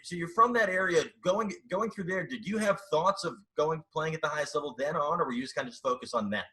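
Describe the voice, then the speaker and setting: Host guy w a bright tense voice, kinda stumbles thru his questions. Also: on the high side. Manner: halting, restarting questions. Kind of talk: casual interview.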